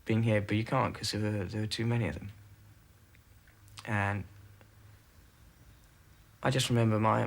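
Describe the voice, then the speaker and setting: Low raspy guy in an interview, lots of ums and stops, gravelly voice. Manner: hesitant, halting, many fillers and restarts. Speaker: former military aircrew interviewee. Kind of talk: documentary interview recollection.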